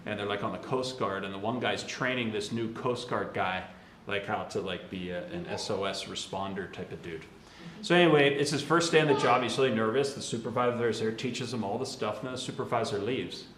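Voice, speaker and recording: A man's voice: lowish voice, a bit bright, roomy sound, slight background noise. A man, a Catholic priest, giving a casual, conversational homily with slangy asides and laughs.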